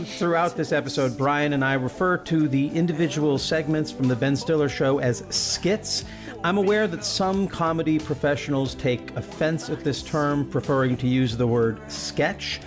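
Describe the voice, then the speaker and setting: A man hosts a podcast with a measured, wry delivery. His wording is precise, as if read from a script. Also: a little high. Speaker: podcast host. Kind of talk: scripted intro, then casual chat.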